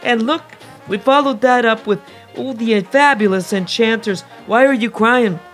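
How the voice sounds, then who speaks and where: A woman presenting records on a radio music show, talking with enthusiastic, gushing, drawn-out emphasis. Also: on the high side, fairly bright tone.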